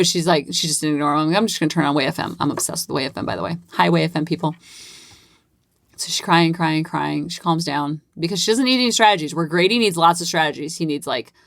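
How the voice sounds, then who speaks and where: Woman host in her thirties, chatty and animated, lowish voice, dry recording. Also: no echo. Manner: animated, acts out quoted lines. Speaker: podcast host. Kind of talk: casual storytelling monologue.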